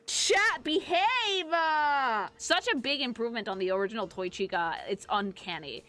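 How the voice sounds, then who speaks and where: A woman streamer reacting to animations, excitable and crude, swearing freely. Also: mid-range voice, normal speed.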